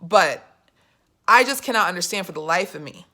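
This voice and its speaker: Bright-voiced woman vlogging on politics. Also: on the low side, normal speed. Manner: animated storytelling, acts out quoted voices, many fillers. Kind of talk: casual political commentary vlog.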